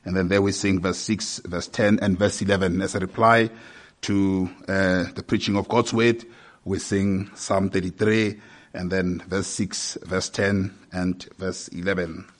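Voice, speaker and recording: A man preaching a sermon, measured and hesitant at times, growing more forceful as he reads scripture aloud. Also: deep voice, fairly even intonation. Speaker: pastor.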